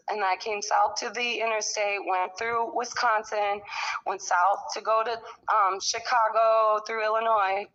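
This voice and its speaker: Angry, swearing middle-aged woman with a bright voice. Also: medium pitch. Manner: angry, profane, rambling storytelling. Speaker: storyteller recounting her own experiences. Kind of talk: casual conversation. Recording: dull lo-fi recording.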